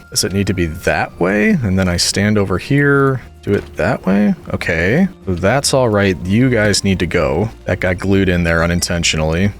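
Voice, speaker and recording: A young man with a fairly low voice narrates his gameplay in a relaxed, chatty way, with a pitch that rises and falls a lot. He talks to himself and to the game as he goes. Faint music plays behind him. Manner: talks to himself and the game, yelps when things go wrong. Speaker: gaming YouTuber. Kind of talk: casual let's-play commentary.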